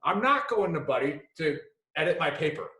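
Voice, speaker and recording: A man's voice: on the high side, sing-song, normal speed, bright, forceful tone. A man hosting a casual podcast, rambling and joking with frequent swearing. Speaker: podcast host. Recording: echoey room.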